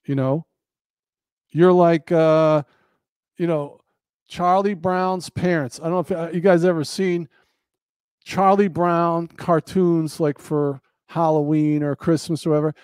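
High-voiced man, impassioned monologue. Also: steady tone, unhurried, a little mellow, smooth, dry recording. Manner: earnest, preacherly, repeats phrases for emphasis.

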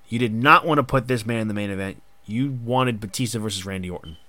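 A man hosting a casual podcast chat, excitable and rambling in long run-on bursts. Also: medium pitch, brisk, hardly any pauses, no echo. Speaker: podcast host.

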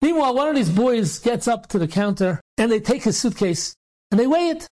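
A rabbi telling a story with animated delivery, acting out the dialogue in different voices and speaking in loose phrasing with restarts. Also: male voice, extremely high pitch, brisk. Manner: acts out the dialogue in different voices, sometimes shouting; loose spoken phrasing with restarts and repeated words.

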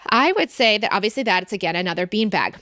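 A woman hosting a solo question-and-answer podcast, explaining calmly in long flowing sentences and repeating words for emphasis. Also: mid-range voice, quick pace, dry recording, studio quality. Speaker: podcast host.

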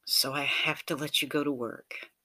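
A man narrating an intimate romantic story in a soft, tender, unhurried way. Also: a little high, fairly even intonation, dry recording.

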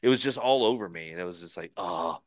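A man in his forties, a former pro pitcher, telling stories as a podcast guest and laughing along. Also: animated, racing, dry recording, clean studio sound. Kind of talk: casual storytelling.

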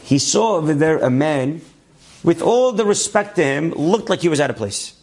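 A man delivers a sermon in the form of a story, his voice sitting a little higher than most men's. He acts out each person he quotes with sudden rises in pitch and drops Hebrew terms into his English as he goes. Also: very animated, normal speed, a little mellow. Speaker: rabbi telling a story.

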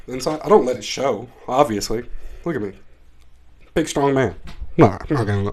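A man hosting a podcast, telling a comic story in a profane, excitable, rambling way. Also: mid-range voice. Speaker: podcast host. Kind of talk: comedic storytelling monologue.

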